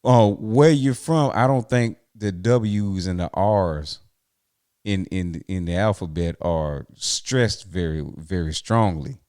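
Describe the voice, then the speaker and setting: A man co-hosting a podcast in casual chat, laid-back and playful, asking drawn-out questions. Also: sits low, darkish tone, clean tone, no echo, studio quality. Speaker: podcast co-host.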